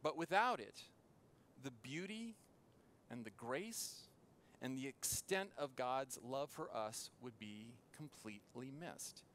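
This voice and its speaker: Brief: male preacher, mid-pitched, earnest sermon delivery with weighty pauses. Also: lively intonation, a bit bright. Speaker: pastor. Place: church.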